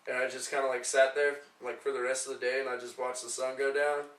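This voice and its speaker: A man's voice: medium pitch, little pitch movement, fast talker, fairly bright tone. A young man co-hosting a casual podcast, telling rambling, profane stories. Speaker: podcast co-host. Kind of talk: casual chat, storytelling. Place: living room couch. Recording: roomy, distant mic, faint noise.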